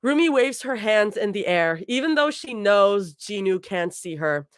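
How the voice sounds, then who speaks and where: A woman's voice: mid-range voice, very animated, measured pace, no room sound, studio quality. A woman casually reading fan fiction aloud on a live stream. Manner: casual reading aloud, laughs between lines.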